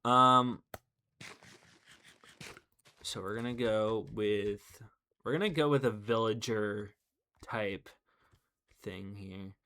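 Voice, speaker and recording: A man hosting his own gaming channel, chatting casually over play. His voice is bright and clear-edged, and he wanders off on asides, padding them with ums and jokes at his own expense. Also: on the low side, slow pace, pauses often. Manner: rambling, filler-heavy, self-deprecating. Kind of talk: casual gameplay commentary.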